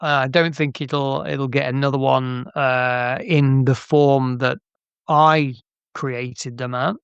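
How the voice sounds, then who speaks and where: A man's voice: mid-range voice, fairly even intonation, takes it slowly, creaky, clean tone, dry recording, highs cut off. Chatty man telling stories. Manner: chatty, anecdotal, frequent restarts and laughs. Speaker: interview guest, game artist. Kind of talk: casual interview storytelling.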